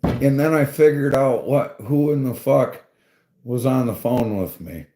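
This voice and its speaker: A man's voice: medium pitch, a little slow, mellow. A man telling a rambling, profane story in casual chat, laughing often and swearing freely. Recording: roomy echo.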